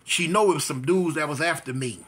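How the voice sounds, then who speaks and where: A man with a fairly high, bright and forceful voice recounts his own past in a loose, conversational way. He circles back on phrases and brings the story to life with his own sound effects. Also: a little fast, slightly rough. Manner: vivid storyteller who repeats phrases and mimics gunshots. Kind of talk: personal life story, casual telling.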